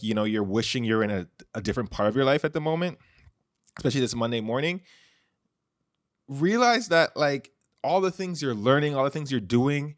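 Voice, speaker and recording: This podcast host speaks in a mid-range voice, chatting loosely by himself and filling his talk with "like" and "you know" as he restarts thoughts. It's a clean, dry studio recording made on a close microphone.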